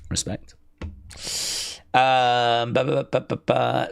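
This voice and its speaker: A man's voice: mid-range voice, monotone, slow pace, creaky, long pauses, smooth. A man hosting a wrestling watch-along stream, chatting casually, rambling and reading out viewer comments. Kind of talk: casual live-stream chat.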